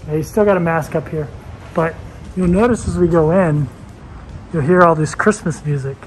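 Male travel vlogger, slightly high voice, rambling, easygoing, faint background noise. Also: normal speed. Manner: chatty, rambling with fillers. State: out of breath. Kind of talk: casual travel vlog. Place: hotel and street in Thailand, walking around.

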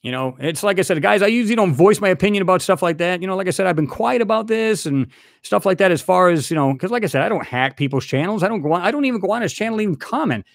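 Channel host, male, fairly high voice with big swings, dry close sound, angry rant style. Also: expressive, fast, creaky, dry recording. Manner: heated, repetitive, addresses a rival directly. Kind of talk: angry ranting vlog.

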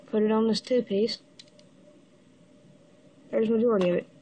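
A woman with the hiccups giving a casual step-by-step building tutorial, halting and pausing mid-step to show the pieces. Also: a little high, fairly even intonation, warm tone. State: has the hiccups. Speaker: toy builder giving instructions.

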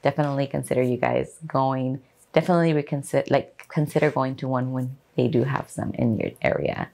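A woman's voice: rumbling low, a little fast, gravelly, a little mellow. A woman bikini competitor recapping an event for her vlog viewers, gushing and enthusiastic as she talks straight to them.

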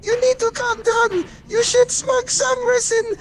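A tiny, bossy garden gnome voiced by text-to-speech that hurls flat, deadpan insults. The pitch sits extremely high and barely moves, with a faint hiss of noise underneath. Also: measured pace, gravelly, heavily acted. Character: small mocking garden gnome companion. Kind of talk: text-to-speech companion voice in a game stream.

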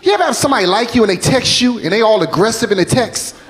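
A man in his forties from North Philadelphia doing a loose, animated stand-up set in a comedy club. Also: very high voice, racing. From North Philadelphia, USA. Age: 40s.

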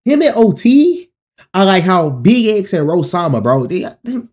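Casual reaction host, man, animated and slightly high voice, repeats lines while laughing. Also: normal speed. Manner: excitable, loud laughing, repeats himself. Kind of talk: casual album reaction commentary.

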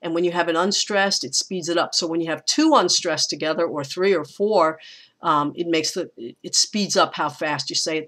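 A teacher with a bright, clear-edged voice talks through a poem's meter in a relaxed recorded lecture. Lines of verse are read slowly, with the stressed beats leaned on. Between the readings the explanation thinks aloud and restarts now and then. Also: medium pitch. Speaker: college English teacher.

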